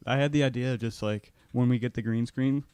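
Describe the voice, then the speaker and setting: Laid-back swearing podcast host, dry sound. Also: male voice, mid-range voice, steady tone, normal speed, darkish tone, clear, resonant tone, dry recording. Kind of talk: casual chat.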